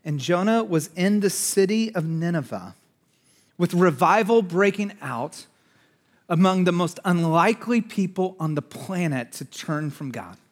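Man, high-pitched voice, pastor's sermon, lively and chatty, loud then hushed. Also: measured pace. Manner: energetic conversational preaching, swinging from loud to hushed. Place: church in front of a congregation.

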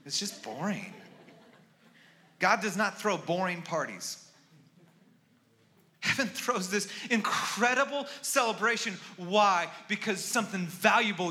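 A male pastor preaching a sermon in a brilliantly bright voice that sits a little high for a man. He moves from loud, urgent pleading to quiet, hushed storytelling. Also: animated, unhurried.

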